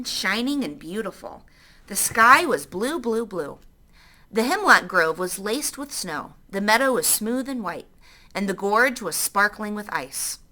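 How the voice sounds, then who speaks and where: A woman's voice: on the high side, pushed and bright. A woman reading a children's novel aloud, stopping now and then to explain words to young listeners.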